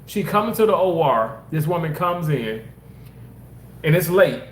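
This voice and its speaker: Rambling, animated man in an echoey room. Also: on the high side, unhurried, slight background noise. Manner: animated, rambling, repeats himself for emphasis. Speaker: former hospital surgical worker. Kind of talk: casual personal storytelling.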